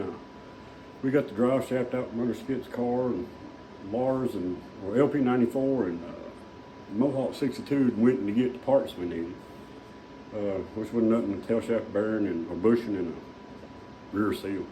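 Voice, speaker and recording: A man's voice: mid-range voice, dark tone, slight background noise, low-quality recording. Folksy man telling a rambling story. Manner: rambling, folksy, full of fillers. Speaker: vlogger. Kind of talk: casual storytelling. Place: small shop.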